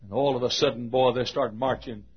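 An older man preaching a sermon, telling stories with animated swings between loud proclaiming and hushed asides. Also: mid-range voice, brisk. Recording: dull lo-fi old recording.

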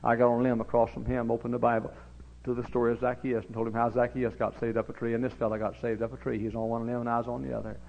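A man preaching a sermon in a folksy, storytelling way, swinging into shouted exhortation. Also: mid-range voice, flat delivery, rapid-fire, vocal fry, slight background noise. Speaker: pastor. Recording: dull lo-fi recording.

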